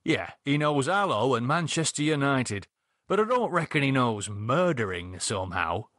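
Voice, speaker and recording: A calm, sardonic bloke, voiced by a male narrator, talking in a husky voice that is recorded close and dry. He teases in an even, level-headed way, and his lines lift lively in a storybook reading. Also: mid-range voice, moderate pace, no echo. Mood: wry. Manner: wry, teasing, level-headed. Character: dry, sardonic British man, calm and wry.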